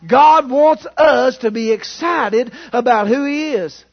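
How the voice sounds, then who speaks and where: A man preaching a sermon as pastor, fervent, with restarts and loud exclamations. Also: extremely high pitch, slow. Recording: dull lo-fi sound.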